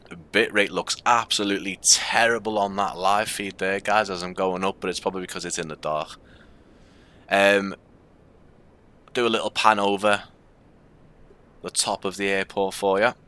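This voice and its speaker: Low flat Scouse man, bright crisp voice. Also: moderate pace, pauses often. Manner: casual and rambling, with many fillers. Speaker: streamer. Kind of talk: live gameplay commentary.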